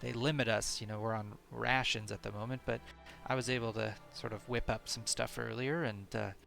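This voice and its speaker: A man's voice: medium pitch, steady tone, a little fast, creaky, a bit bright, faint music behind. A man doing a stammering fatherly innkeeper. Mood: flustered. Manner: stammering, hesitant. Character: anxious middle-aged male innkeeper, fatherly.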